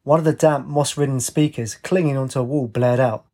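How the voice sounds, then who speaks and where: A man narrating a story in a steady, plain reading voice. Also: mid-range voice, a little fast.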